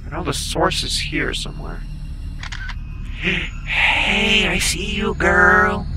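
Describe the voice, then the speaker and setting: A man commentating a horror game he is playing, joking at the screen and breaking into loud startled outbursts. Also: on the high side, expressive, slow pace, faint music behind. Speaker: gameplay commentator.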